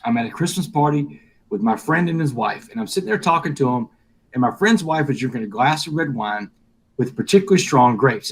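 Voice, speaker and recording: A man's voice: medium pitch, husky. A middle-aged man, a guest in a live interview, telling a personal story and acting out the dialogue. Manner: animated storyteller, acts out quoted dialogue.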